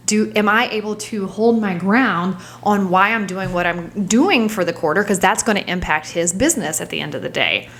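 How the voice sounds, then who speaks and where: Candid woman in her thirties, reflective. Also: mid-range voice. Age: 30s. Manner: candid, searching, trails off into soft whispers when reliving moments. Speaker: vlogger. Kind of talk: reflective personal storytelling.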